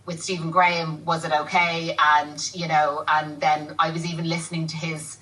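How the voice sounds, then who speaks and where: A woman's voice: low voice, level tone, moderate pace, pushed and bright, far from the mic, poor audio. A woman, an actress guest, chatting casually on a TV show, laughing often and rambling a little. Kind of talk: casual TV chat. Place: TV studio.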